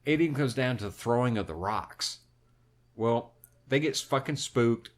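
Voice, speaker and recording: A man's voice: medium pitch, normal speed. A man swearing through a film retelling. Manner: animated, heavy swearing, recounts a film plot. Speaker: podcast co-host. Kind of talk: casual profane chat.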